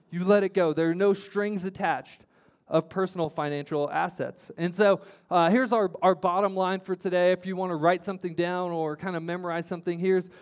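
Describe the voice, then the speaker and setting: A man's voice: high-pitched, a little mellow. A male pastor preaching a sermon, repeating key phrases for emphasis with frequent restarts.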